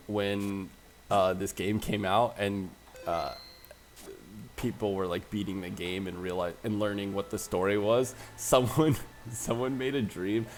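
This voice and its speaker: A man's voice: on the low side, steady tone, a little slow, slight background noise. A man commentating his gameplay in a playful, joking way. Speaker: let's play host.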